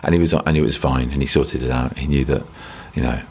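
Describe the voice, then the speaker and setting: A man's voice: extremely low pitch, steady tone, fast, vocal fry, a little mellow, slight background noise. A man, an actor as a guest, talking reflectively and self-deprecatingly in a rambling interview, often restarting sentences.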